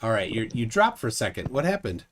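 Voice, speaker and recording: Guy hosting a live stream, rambly and halting, voice jumps all over in pitch. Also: very animated. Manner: rambling, halting with restarts and fillers. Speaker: livestream host. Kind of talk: casual live debate stream.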